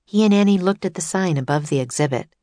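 Lively low-voiced woman narrating a storybook. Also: quick pace, no echo. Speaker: audiobook narrator.

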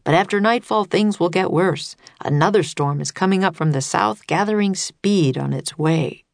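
A woman's voice: on the low side, moderate pace, creaky, no room sound. Woman reading as a polite male weather official. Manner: courteous, explanatory.

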